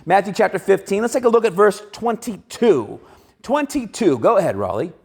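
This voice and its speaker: Lively high-voiced male preacher. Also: normal speed, creaky, husky. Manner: conversational, animated, acts out quoted voices. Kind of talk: sermon. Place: church sanctuary.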